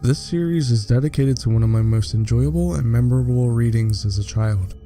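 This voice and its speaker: A man narrating scary stories in a theatrical, scripted way, with slow dramatic pauses. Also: mid-range voice, dark tone, faint music behind. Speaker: horror story narrator.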